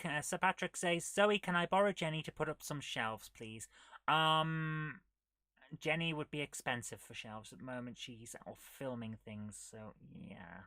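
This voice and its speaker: A woman's voice: low-pitched, sharp tone, dry recording. A woman hosting a casual retro gaming live stream, chatting and muttering to herself as she clicks through menus. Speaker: retro gaming show host.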